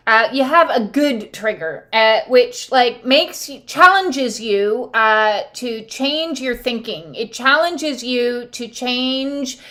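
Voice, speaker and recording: A woman's voice: a little high, a bit bright. A woman reading oracle cards and talking casually to her viewers, rambling with many fillers and now and then squealing out quoted voices. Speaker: oracle card reader. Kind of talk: casual spiritual talk to camera.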